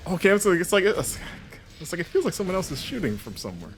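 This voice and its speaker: A man from Florida with a non-regional American accent, chatting casually while streaming gameplay and reacting out loud to what happens. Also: high-pitched, sing-song, fast, faint music behind. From Florida, USA. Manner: chatty, rambling, reacts aloud to the game.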